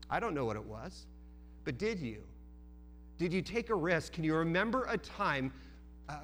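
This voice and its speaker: A man's voice: high voice, fairly bright tone. A man preaching a sermon as pastor, earnest, with frequent restarts and repeated words.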